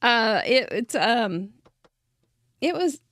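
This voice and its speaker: A woman's voice: on the high side, big pitch swings, extremely slow, fairly bright tone, no echo, studio quality. A woman hosting a card-making show, chatting to viewers in a chatty, effusive way and laughing often. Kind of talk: casual chat to viewers.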